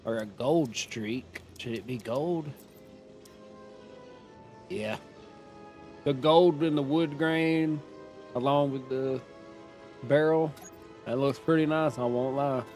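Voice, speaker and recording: A man's voice: mid-range voice, slow, pauses often, darkish tone, faint music behind. A man giving casual commentary while playing a video game, chatty and thinking aloud as he makes up his mind. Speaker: gaming streamer.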